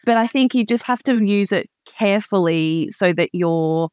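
A woman's voice: mid-range voice, moderate pace, a little mellow, no echo, clean studio sound. A woman who is a pediatric nurse, speaking as a guest on a podcast in an upbeat, friendly way. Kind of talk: podcast interview.

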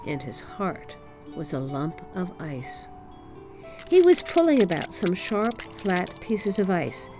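A woman reading a fairy tale aloud in a gentle, expressive storybook manner. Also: medium pitch.

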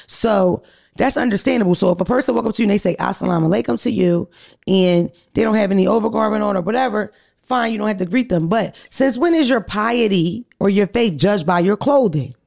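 A woman's voice: mid-range voice, brisk, vocal fry, a little mellow. A woman hosting a podcast, telling stories in a blunt, profane, casual way. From United States. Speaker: podcast host.

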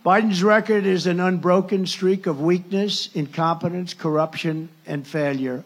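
A man's voice: high-pitched, unhurried, hardly any pauses, slight background noise. A male candidate giving a campaign rally speech, rambling and sarcastic, often breaking off mid-sentence to restart. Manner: rambling, sarcastic, with self-interruptions. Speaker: presidential candidate.

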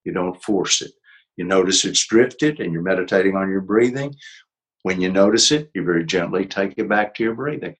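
Low-voiced older man, gently reflective. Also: moderate pace, low-quality recording. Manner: gentle, reflective, laughs easily. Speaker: author and psychologist, guest. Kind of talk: conversational interview.

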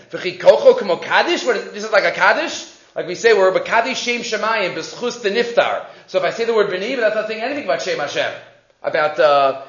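Male Torah teacher, high voice, lively delivery, roomy dull recording. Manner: animated, acts out quotes with rising voice; mixes Hebrew quotes into English. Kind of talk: weekly Torah portion class.

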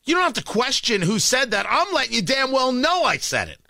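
A man's voice: very high-pitched, sing-song, fairly quick, creaky, sharp tone, no echo, studio quality. A man hosting a talk radio show, delivering a combative, emphatic monologue and repeating lines for punch.

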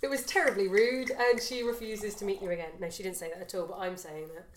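A woman's voice: mid-range voice, fairly even intonation, fast, slight background noise. A woman co-hosting a casual wine-tasting podcast, chatting and teasing her co-host in a playful way. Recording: echoey room.

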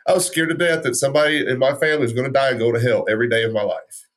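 A man's voice: medium pitch, steady tone, racing. A male podcast co-host with a mid-range voice. He talks with strong feeling, stumbling over himself as he pushes his point. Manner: passionate, ranting, frequent restarts. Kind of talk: podcast conversation.

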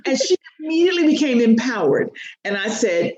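A woman guest tells her story with lively, expressive swings, acting out every quote. Her voice sits a little high, and it rings in a roomy echo. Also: a little fast, dull audio, a little hiss or hum. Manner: expressive, acts out quotes with big pitch swings. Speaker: leadership coach, podcast guest. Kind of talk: animated storytelling in an interview.

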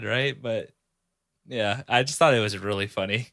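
A man's voice: mid-range voice, very animated, normal speed, pushed and bright, dry recording, studio quality. A man co-hosting a podcast, chatting about a film with frequent amused laughter. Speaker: podcast co-host. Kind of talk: casual movie chat.

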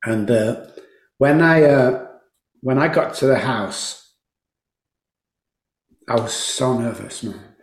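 Fervent man, 50s, interview guest, mid pitch, echoey room. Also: slow, long pauses. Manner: emphatic, fervent, repeats phrases for force. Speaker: podcast guest, addiction recovery program founder. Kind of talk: emotional storytelling interview. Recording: roomy echo.

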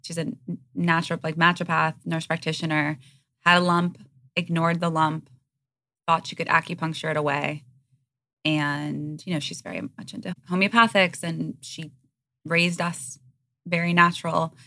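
Frank, creaky, bright-voiced woman. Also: deep voice, flat delivery, normal speed, no echo, clean studio sound. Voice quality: frank, earnest. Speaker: podcast guest. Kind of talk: candid conversational interview.

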